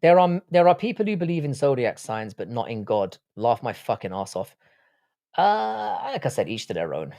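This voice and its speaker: A man's voice: medium pitch, animated, fairly quick, few pauses, mellow, no room sound, clean studio sound. A man from Ireland with a British accent, hosting a livestream and chatting casually and bluntly as he reads out viewer comments, swearing freely. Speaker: livestream host.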